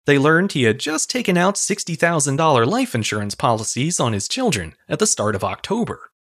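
A man's voice: fairly high pitch, sing-song, brisk, a bit bright. Wry man narrating a history podcast. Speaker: podcast host.

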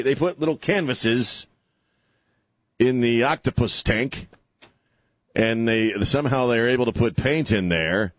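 Casual talk radio banter comes from a man with a medium-pitched voice hosting a show in a radio studio. He chuckles as he riffs, rambling and sarcastic, and the studio microphone picks up no room sound.

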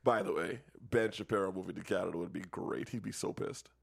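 A man co-hosting a podcast, talking in casual, profane banter, animated and quick to laugh. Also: sits low, vocal fry, a crowd in the background.

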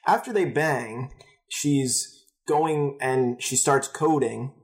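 A young man co-hosting a casual podcast, walking through a plot step by step in a steady, easygoing manner. His pitch sits in the middle for a man. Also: takes it slowly. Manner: steady, narrating plot in order. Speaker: podcast co-host. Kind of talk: casual chat recap.

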